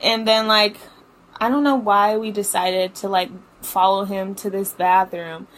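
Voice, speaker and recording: A woman's voice: mid-range voice, steady tone, measured pace, fairly bright tone. A young woman hosting a podcast, telling a story casually, swearing a lot and filling her talk with "like". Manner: chatty, profane, filler-heavy with lots of "like". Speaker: podcast host.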